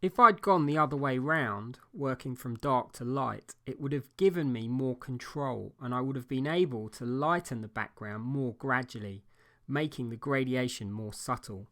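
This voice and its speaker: A man giving a calm, measured voice-over for a painting tutorial, explaining each step as he works. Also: medium pitch. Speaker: painting instructor.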